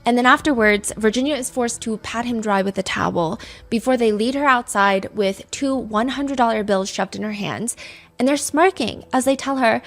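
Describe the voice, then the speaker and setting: A woman's voice: on the high side, moderate pace. A woman hosting a true crime podcast, retelling a case and reading quotes aloud with blunt asides. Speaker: podcast host.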